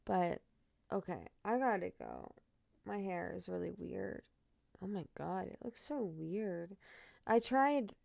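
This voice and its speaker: Slow, gravelly-voiced woman rambling candidly. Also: mid-range voice, sing-song, mellow, no room sound. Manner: candid and rambling, swears freely. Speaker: true crime storyteller and streamer. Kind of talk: casual sign-off chat.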